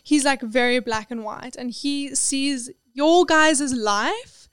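A woman's voice: high voice, slow pace, a bit bright, clear, resonant tone, dry recording. A woman pet psychic speaking as a podcast guest, earnest and reassuring, with frequent restarts. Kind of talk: casual podcast conversation.

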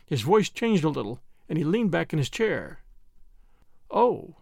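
A man narrating a story as an audiobook in a measured manner. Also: a little high, big pitch swings, vocal fry, darkish tone, slightly rough, dry recording, studio quality. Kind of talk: audiobook reading.

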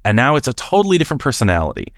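A man calling in to tell a personal story in a casual, halting way, jumping higher when he acts out quoted voices. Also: no room sound, clean studio sound. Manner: animated, jumps up in pitch to act out quoted voices; halting, with restarts and fillers. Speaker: caller sharing a personal experience.

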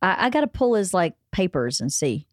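Woman, 50s, podcast host, motherly, chatty, lower voice, dry close mic. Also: sing-song, moderate pace, dry recording. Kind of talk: casual family chat.

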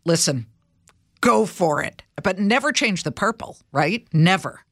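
A woman hosting a podcast interview, chatty and lively, laughing along with her guest. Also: fairly low pitch, measured pace, dry recording, studio quality. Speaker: podcast host. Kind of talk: casual interview conversation.

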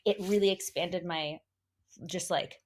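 A woman's voice: lowish voice, steady tone, a little slow, darkish tone. A woman, a mother, talking earnestly in casual chat, repeating points for emphasis. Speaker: podcast host, mother.

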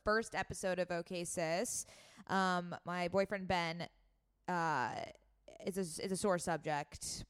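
A woman's voice: fairly low pitch, steady tone, slow pace, clean tone. A young woman co-hosting a podcast in casual chat, rambling and self-mocking, often laughing. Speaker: podcast co-host.

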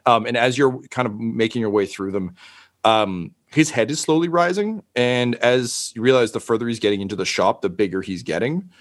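A man's voice: mid-range voice, normal speed. A man narrating as the game master of a tabletop game, rambling with many fillers.

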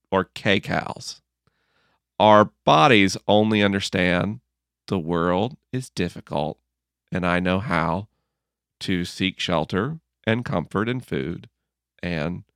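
Guy with a lowish voice telling a story, acts out the voices in his head, dry close mic. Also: gravelly, no room sound. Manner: earnest, gently humorous, acts out inner dialogue. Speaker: author being interviewed. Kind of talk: reflective conversational storytelling.

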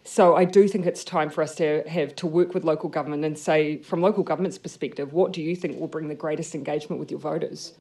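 A woman politician answering press questions, measured and restarting mid-sentence. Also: sits low, fairly even intonation, dark tone.

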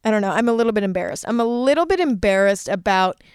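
Smooth-voiced young woman podcaster. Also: mid-range voice, animated, fast talker, darkish tone, no echo, clean studio sound. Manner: chatty, filler-heavy, earnest with self-mocking asides. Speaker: podcast host. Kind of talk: casual advice podcast monologue.

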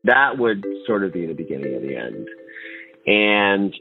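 A man recounting his childhood in a candid, halting way, with nervous laughs. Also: sits low, big pitch swings. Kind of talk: personal testimony. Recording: tinny phone-like line with faint music.

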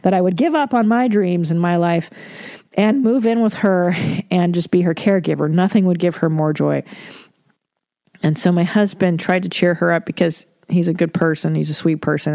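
A woman's voice: fairly low pitch, moderate pace, mellow, no room sound, clean studio sound. A woman podcast host talking in a candid, profane, casual way, laughing often. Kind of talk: casual chat.

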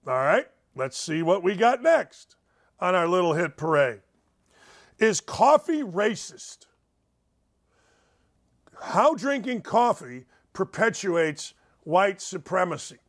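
A male talk show host with a high-pitched voice reads news pieces aloud and ridicules them. Sarcastic and incredulous, he swings from loud outbursts to muttering under his breath.

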